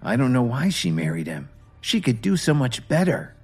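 A female co-worker murmuring catty gossip, as a male narrator puts her on. The voice is raised, quiet and husky. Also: mid-range voice, big pitch swings, moderate pace, faint music behind, voice pushed up. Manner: hushed, catty.

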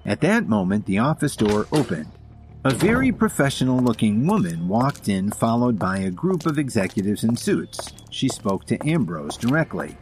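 A man narrating a scripted story in an even storytelling delivery. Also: mid-range voice, moderate pace, music in the background.

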